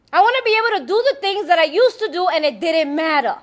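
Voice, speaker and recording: A woman's voice: extremely high pitch, expressive, fast, hardly any pauses. A woman giving a blunt, streetwise personal testimony to a recovery meeting, laughing often as she talks.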